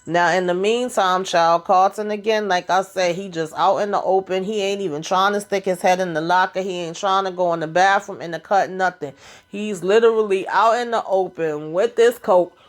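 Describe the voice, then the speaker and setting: A woman's voice: medium pitch, fairly even intonation, normal speed. A woman giving a casual, slangy recap of a TV episode and talking back to the characters. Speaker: TV recap vlogger.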